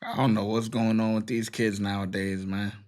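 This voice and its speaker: A man's voice: on the low side, flat delivery, moderate pace, a little mellow. A man hosting a reaction commentary, opinionated and scolding, mocking the people he watches. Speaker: commentary host.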